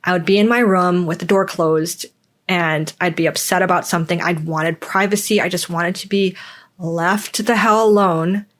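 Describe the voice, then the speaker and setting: A woman's voice: fairly low pitch, fairly even intonation, normal speed, a bit bright. A young adult woman hosting a podcast, speaking candidly in a reflective personal monologue and acting out the voices in her stories. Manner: candid, acts out quoted voices. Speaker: podcast host.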